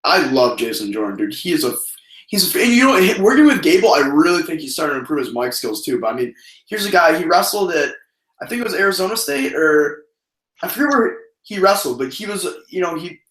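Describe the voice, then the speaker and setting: A man's voice: on the high side, fairly quick, roomy sound, low-quality recording. A man casually co-hosting a wrestling review, talking profanely and breaking into mocking impressions. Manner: profane, animated, does mocking voices. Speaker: podcast co-host.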